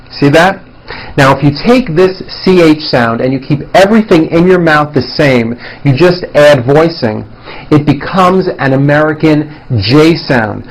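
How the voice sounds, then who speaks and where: A man teaching a pronunciation lesson, speaking carefully and demonstrating each sound clearly. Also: a little high, moderate pace, low-quality recording. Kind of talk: slow deliberate pronunciation lesson.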